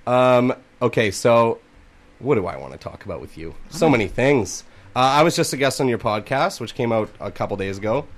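A man's voice: mid-range voice, lively intonation, normal speed. A man co-hosting a casual comedy podcast, playful and teasing, often laughing. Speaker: co-host.

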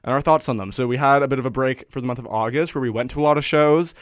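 A man's voice: mid-range voice, very fast, no room sound, clean studio sound. A man co-hosting a campus radio show, friendly and upbeat. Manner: friendly, upbeat, easy laughs. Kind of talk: casual radio chat.

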